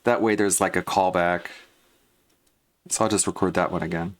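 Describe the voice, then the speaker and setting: A man's voice: low-pitched, steady tone, normal speed. A man streaming live, chatting casually and muttering asides to himself. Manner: laid-back, mumbling asides to himself.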